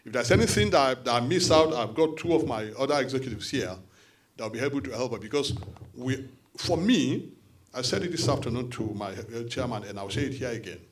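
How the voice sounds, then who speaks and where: A man with a Nigerian accent addresses a forum meeting in an animated, conversational way, with quick asides. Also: medium pitch. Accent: Nigerian English. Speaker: diaspora party official addressing a support forum.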